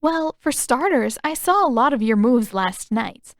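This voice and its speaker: A woman voicing a bold teenage girl waterbender who talks loud and insistent, in a dry-sounding storybook reading. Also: on the high side, lively intonation, a little slow, no room sound, voice pushed up. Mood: teasing.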